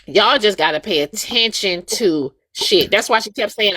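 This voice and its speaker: A woman's voice: mid-range voice, normal speed, hardly any pauses, no echo, studio quality. A woman hosting a livestream, talking casually and emphatically to her viewers and repeating her points. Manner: animated, repetitive, emphatic addressing of viewers. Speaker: livestream host.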